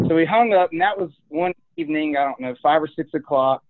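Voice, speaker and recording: A man's voice: on the high side, lively intonation, brisk, gravelly. A man telling a rambling, laughing story about buying a horse, often repeating his words. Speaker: horse breeder. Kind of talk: casual storytelling. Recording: tinny phone-line sound.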